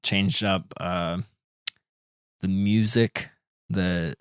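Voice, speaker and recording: Lowish guy in his 30s, super casual, says like a lot, cusses. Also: steady tone, drawn-out words, a bit bright, clean tone, no room sound, studio quality. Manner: loose, filler-heavy, swears casually. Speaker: podcast co-host. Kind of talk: casual chat.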